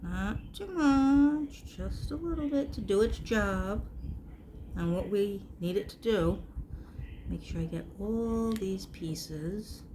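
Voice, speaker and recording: Woman, chatty crafter, self-mocking, lively asides, mid-pitched voice, faint room hum. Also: slow pace. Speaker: crafter hosting a craft video. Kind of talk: casual crafting chat.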